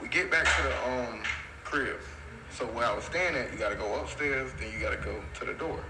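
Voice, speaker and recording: A man's voice: brisk, very noisy. A man telling a long personal story in a casual, slangy, rambling way. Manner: slangy, rambling, repeats "so boom".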